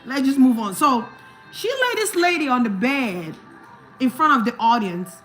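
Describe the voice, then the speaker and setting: A woman from Africa with a high voice speaks casually to her livestream audience. She hammers her points home through repetition, checks that listeners follow, and breaks into laughter often. Faint music plays behind her. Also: very animated, moderate pace, fairly bright tone. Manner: emphatic, repeats points, asks if the listener understands; laughs often while talking. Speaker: livestreamer and spiritual reader.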